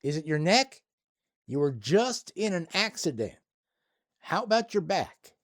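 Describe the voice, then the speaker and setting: A man's voice: on the high side, big pitch swings, unhurried, a bit bright, pitched above the performer's own voice. A man putting on the voice of a worn-out Texan emergency medic with a Texan accent. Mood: exasperated. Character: weary adult male Texan EMT, gruff.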